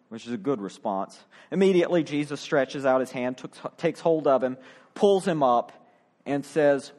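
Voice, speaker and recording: A man's voice: mid-range voice, moderate pace, a little mellow. A middle-aged male pastor preaching a sermon, acting out the quoted voices with drama.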